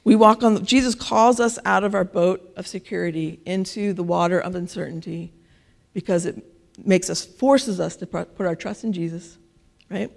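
A woman's voice: lowish voice, normal speed, vocal fry. A woman preaching a casual sermon in church, talking conversationally and often checking in with "right?". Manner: conversational, keeps asking "right?".

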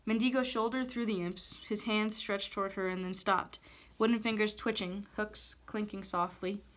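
A woman teacher reads a novel chapter aloud at a mid pitch, in a steady storytelling way. The delivery stays even and plain. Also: normal speed.

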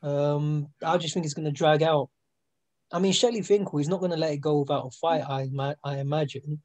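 A man's voice: on the high side, steady tone, a little fast, darkish tone. A man guesting on a casual boxing chat, telling frank stories and acting out quotes. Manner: storytelling, acts out quotes, frank.

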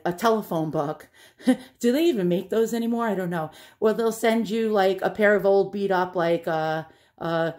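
A woman's voice: medium pitch, a little mellow. A middle-aged woman vlogger chatting casually to camera, rambling with many fillers and little laughs.

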